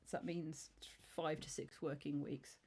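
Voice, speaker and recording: A woman in her thirties streams and chats casually, rambling in a self-deprecating way full of restarts. Her voice is low, dark and husky, with a level tone and an unhurried pace.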